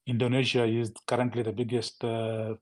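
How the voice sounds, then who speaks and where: A man calling into a live show, talking rapidly and rambling with constant fillers. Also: medium pitch, completely flat delivery. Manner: rapid, rambling, full of "you know" fillers. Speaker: caller. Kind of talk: phoned-in conversation.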